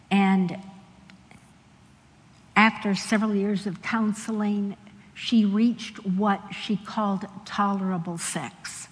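A woman telling stories in a sermon, animated and laughing often as she acts out the people in them. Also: medium pitch, slow pace, pauses often. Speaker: Christian speaker. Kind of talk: sermon storytelling. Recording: long hall reverb.

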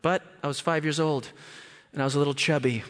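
A man preaching a sermon in a church, telling stories animatedly and jumping into high voices to act out scenes. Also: fast, big-room sound. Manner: animated, jumps into high squeals when acting out scenes. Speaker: guest preacher. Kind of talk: sermon with storytelling.

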